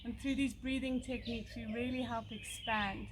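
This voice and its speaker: A woman with a high, light voice leads a yoga breathing session outdoors, speaking slowly and calmly between pauses. Steady background noise and birdsong sit behind her voice. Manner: calm, slow, soothing guidance with pauses. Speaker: yoga teacher. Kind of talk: guided yoga breathing instruction. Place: outdoors by a country lane.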